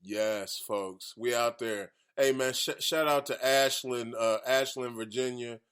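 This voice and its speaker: A man's voice: medium pitch, steady tone, measured pace, a bit bright, clear, resonant tone. A man hosting a casual radio talk show, boisterous and joking, repeating his phrases as he introduces guests.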